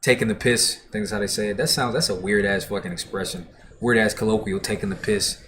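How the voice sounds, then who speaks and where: Over some background noise, a man with a fairly low, steady voice talks fast while hosting a music reaction livestream. He chats casually and reads viewer comments aloud in a laid-back, profane manner.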